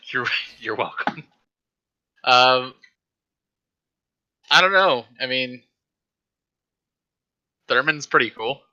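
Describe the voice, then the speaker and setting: A man's voice: medium pitch, expressive, drawn-out words, pauses often, sharp tone, highs cut off. A man at a tabletop game, joking and rambling as he talks. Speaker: player. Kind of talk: tabletop role-play.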